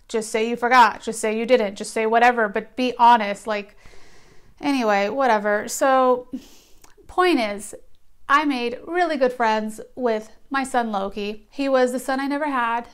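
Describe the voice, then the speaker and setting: A young woman tells a story to her camera in a relaxed vlog. Her voice is smooth and sits a little high. She is blunt and sarcastic, and she swears casually. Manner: blunt and profane, sarcastic asides. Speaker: vlogger.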